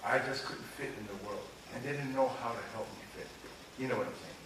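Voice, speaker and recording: A man of around 60 from Los Angeles talks through his own life story in an animated, confiding way, often checking that his listener is still with him. He sounds a little distant from the mic, inside a strongly echoing room, over a clear wash of background noise. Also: mid-range voice, fast. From Los Angeles, USA. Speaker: author being interviewed. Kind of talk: candid personal storytelling. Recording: echoey room, distant mic, noisy ambience.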